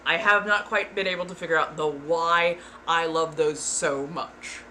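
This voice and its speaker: A woman's voice: sits low, steady tone, measured pace, sharp tone, a little hiss or hum. A woman streamer chatting casually, frank and giggly, sometimes putting on playful voices. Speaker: ASMR streamer. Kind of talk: casual chat.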